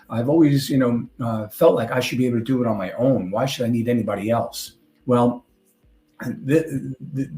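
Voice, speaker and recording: An older man with a New York accent is giving a conference presentation from a stage. He talks in a loose, conversational way, tossing in small jokes and asides, at a middle pitch. His voice rings out in a roomy hall. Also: darkish tone. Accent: New York (Long Island). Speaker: conference speaker. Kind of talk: presentation talk.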